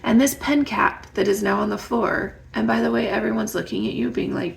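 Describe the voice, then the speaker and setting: A woman with a strongly gravelly, creaky voice gives parenting advice straight to her viewers. She talks in a conversational way, often stopping to ask them reflective questions. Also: a little high, steady tone, a little fast, slight background noise. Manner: warm, conversational, asks the listener reflective questions. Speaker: parenting educator. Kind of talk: direct-to-camera advice talk.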